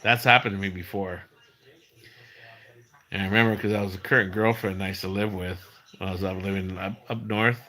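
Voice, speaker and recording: Middle-aged male streamer, bright voice, rambling casual chat, lots of restarts and fillers. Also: low-pitched, steady tone, brisk, long pauses. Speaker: livestream host.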